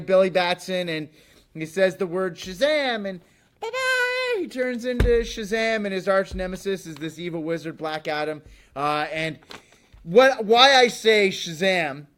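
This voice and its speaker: A man's voice: a little high, fairly bright tone. A male host delivering a comic monologue with sarcastic, jokey asides. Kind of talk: comedic talk show monologue.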